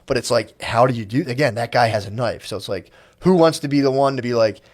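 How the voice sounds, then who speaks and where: A man's voice: mid-range voice, quick pace. A man co-hosting a podcast, rambling in casual chat, swearing and acting out little quotes. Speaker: podcast co-host.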